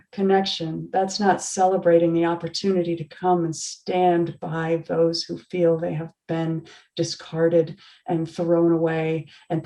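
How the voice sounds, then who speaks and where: On a video call, a yoga teacher in her forties shares an animated, heartfelt story in a lowish voice, laughing and starting over several times.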